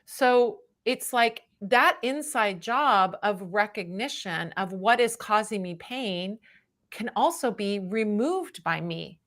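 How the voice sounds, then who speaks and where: A middle-aged woman giving a casual tarot reading on a livestream, chatty and animated, often adding "right?" and laughing. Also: mid-range voice, slow. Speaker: tarot reader.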